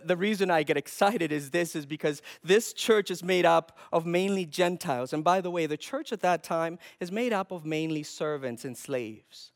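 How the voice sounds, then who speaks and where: Gravelly high-voiced impassioned preacher man. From Canada. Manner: impassioned, repeats words when worked up. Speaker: pastor. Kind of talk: sermon.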